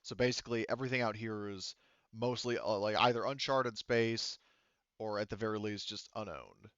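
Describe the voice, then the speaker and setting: A man's voice: on the low side, steady tone, normal speed, fairly bright tone, clear, resonant tone, no echo. A man running a tabletop game as game master, explaining things in a rambling way with many fillers. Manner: rambling, lots of fillers and restarts. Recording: dull lo-fi online call audio.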